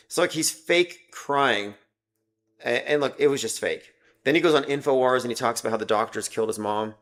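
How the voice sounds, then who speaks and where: A man's voice: medium pitch, fairly quick, a bit bright. Rambling sarcastic man hosting a livestream. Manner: rambling, sarcastic, reads viewer comments aloud. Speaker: livestream host. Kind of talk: casual livestream commentary.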